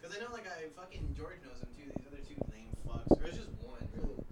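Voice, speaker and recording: Fast, animated young man chatting. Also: fairly high pitch, heavy background noise. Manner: fast, animated, heavy swearing. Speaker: podcast co-host. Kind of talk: casual profane chat among friends.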